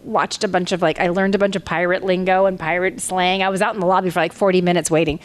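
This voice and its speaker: A woman in her forties, a voice actress telling stories at a convention panel, animated and slipping into other people's voices as she quotes them. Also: quick pace. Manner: animated, acts out quoted voices in higher pitch.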